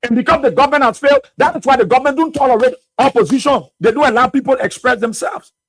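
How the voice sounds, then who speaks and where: A man's voice: very high voice, quick pace, fairly bright tone, husky, no echo. A Liberian man hosting a radio talk show, delivering fiery political commentary full of rhetorical questions. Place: radio studio.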